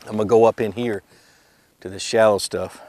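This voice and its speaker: A man with a fairly low voice, winded and eager, films a fishing video outdoors on a boat. He laughs readily and addresses the fish directly as he reels.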